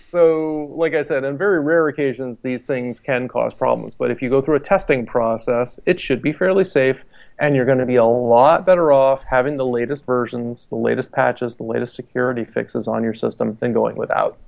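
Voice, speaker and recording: A man's voice: mid-range voice, normal speed, gravelly, darkish tone, highs cut off. A man speaking as an IT security guest on a podcast, explaining at an easy pace with fillers and everyday analogies. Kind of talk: casual podcast discussion.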